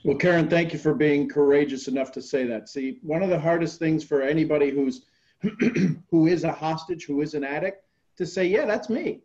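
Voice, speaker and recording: A man leads a group call with earnest motivational coaching, coming back again and again to his key phrases. His voice sits a little high, and the recording sounds dull and lo-fi. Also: steady tone, normal speed, darkish tone.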